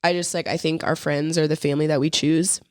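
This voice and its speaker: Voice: medium pitch, flat delivery, fast, no echo, studio quality. A young adult podcast co-host in rambling, slangy casual chat, swearing freely and acting out quoted lines.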